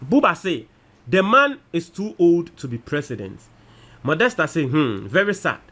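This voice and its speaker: A man with a Ghanaian accent, hosting a casual commentary show and reading out viewer comments, animated and mixing in local phrases. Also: on the high side, moderate pace. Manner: animated, switches between Twi and English.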